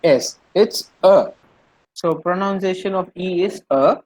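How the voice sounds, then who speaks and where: Slow, patient male language teacher. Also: high-pitched, darkish tone, low-quality recording. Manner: patient, repetitive explaining with many fillers. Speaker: French teacher. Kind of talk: online language class.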